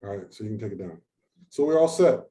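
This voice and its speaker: Guy hosting a video call, mellow voice, chatty and loose, thinks out loud. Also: on the low side, lively intonation, quick pace. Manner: informal, chatty, thinking aloud. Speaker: moderator. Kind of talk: hosting an online research session.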